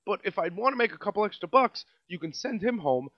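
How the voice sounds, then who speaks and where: Podcast host, New York man, comic rant, high voice swinging all over, sarcastic, dull dry lo-fi sound. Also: lively intonation, quick pace, dry recording. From Staten Island, New York. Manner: sarcastic, mocking, swings between loud and muttered. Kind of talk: comedic rant monologue.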